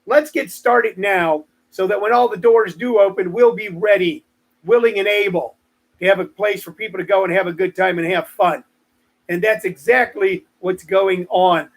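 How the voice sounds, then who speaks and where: In his sixties, this comedian rambles casually on his live stream, mixing stories with jokes aimed at his viewers. He speaks at a moderate pace in a high voice.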